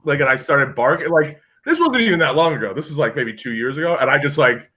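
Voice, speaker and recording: A man with a bright, forceful voice and a lively, swinging pitch, telling animated stories and reading questions in a casual chat. The sound is dull and lo-fi, like call audio. He tends to act out the people in his stories. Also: fast. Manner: animated storyteller, acts out voices.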